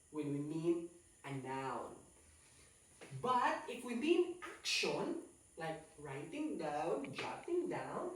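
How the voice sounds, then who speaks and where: A woman teaching a class, coaxing students with lively questions and explanations. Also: lowish voice. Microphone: far camera. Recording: echoey classroom from far off.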